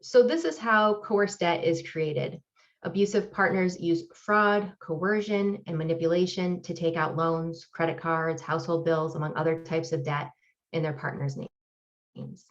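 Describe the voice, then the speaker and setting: A woman professor giving an academic lecture with slides, explaining in a measured, deliberate way. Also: deep voice, dull audio. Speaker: professor presenting research.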